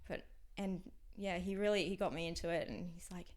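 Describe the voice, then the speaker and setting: A young Australian woman speaking as a podcast guest, talking frankly in halting phrases that sometimes drop to a near whisper. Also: fairly low pitch, steady tone, a little mellow. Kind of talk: candid interview conversation.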